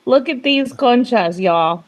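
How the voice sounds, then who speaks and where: Chatty giggly woman guest, kinda high voice, on a video call. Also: expressive, slow. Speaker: podcast guest. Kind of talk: casual chat on a video call.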